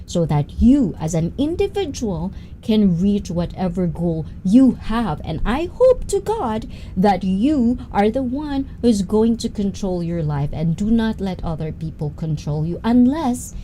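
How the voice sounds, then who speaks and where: A woman's voice: medium pitch, big pitch swings, measured pace, hardly any pauses, mellow, a little hiss or hum, low-quality recording. A woman hosting a casual livestream, chatting and sharing her views. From Japan and the Philippines. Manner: chatty, greets viewers by name, laughs often. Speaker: livestream host. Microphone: sensitive desk mic.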